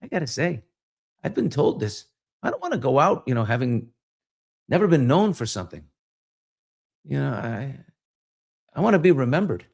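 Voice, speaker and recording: A man voicing a tipsy, boastful small man in a pub, rambling with halting fillers. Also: mid-range voice, very animated, vocal fry, darkish tone. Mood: tipsy, musing.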